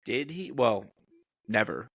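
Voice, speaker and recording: A man co-hosting a podcast, answering trivia in a casual chat with quick, jokey guesses and short agreements. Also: medium pitch, animated, gravelly, fairly bright tone, no room sound, studio quality.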